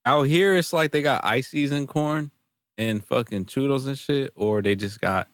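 A man's voice: medium pitch, measured pace, fairly bright tone, no room sound. A young man co-hosting a casual chat, laughing often and joking in slang.

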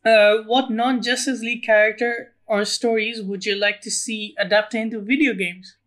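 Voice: mid-range voice, level tone, normal speed, a bit bright. A podcast co-host who asks the questions in brief, casual chat.

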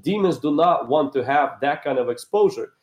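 A man with a slightly high voice makes his case like a preacher, pressing each point harder as he goes. He is recorded in a roomy space with a noticeable echo. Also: animated, normal speed. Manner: emphatic, builds in intensity. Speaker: pastor, guest. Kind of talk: earnest preaching-style discussion.

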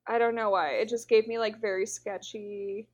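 A young woman co-hosting a podcast, retelling events in a casual, animated way with many fillers. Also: fairly high pitch, moderate pace, highs cut off. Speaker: podcast co-host. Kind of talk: casual chat.

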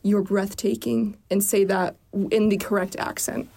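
Woman with playful deadpan asides. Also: mid-range voice, normal speed, creaky. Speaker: podcast co-host. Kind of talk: casual chat.

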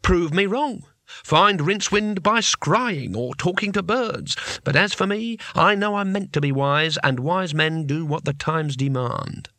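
A man reading an audiobook, voicing a calm, decisive senior male wizard who speaks firmly. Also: fairly high pitch, measured pace, no echo, pitched above the performer's own voice, full character voice. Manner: calm, firm.

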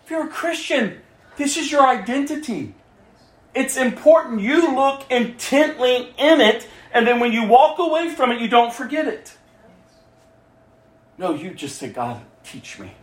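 A woman's voice: sits high, a little slow. A woman preaching a sermon with passion, repeating phrases and acting out the voices of people she quotes. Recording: echoey room.

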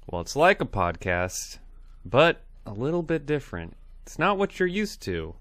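A man's voice: medium pitch, very animated, moderate pace, a bit bright, no room sound, voice pushed up. Man doing a drawling Southern shopkeeper. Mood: warning, folksy. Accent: put-on American Southern. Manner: drawling, with stern rule-giving warnings. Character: folksy Southern male shopkeeper, cautionary.

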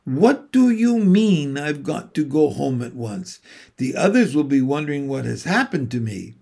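A man's voice: fairly high pitch, sing-song, unhurried, creaky, a little mellow, full character voice. A man voicing an earnest, kind young girl in a storybook reading, pleading with a friend.

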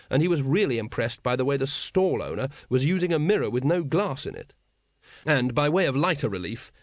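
A man narrating a comic fantasy audiobook in a wry, measured way. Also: medium pitch, no echo, clean studio sound. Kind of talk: scripted narration.

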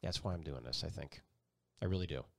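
Middle-aged male guest, storyteller, animated delivery, voices the people in his anecdotes. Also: very deep voice, brisk, creaky. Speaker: chief meteorologist, guest. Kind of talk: personal storytelling in an interview.

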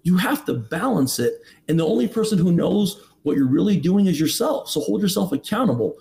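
A man's voice: high voice, very animated, a little fast, creaky, warm tone. A man in his thirties, a podcast guest, telling a personal story with emphatic, preachy rhetorical questions. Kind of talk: candid motivational storytelling.

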